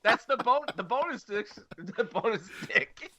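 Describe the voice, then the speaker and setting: A man with a bright, forceful voice that rises and falls a lot. He fires quick jokes into a casual horror movie podcast chat. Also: high voice, expressive. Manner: quick jokey interjections. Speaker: podcast co-host.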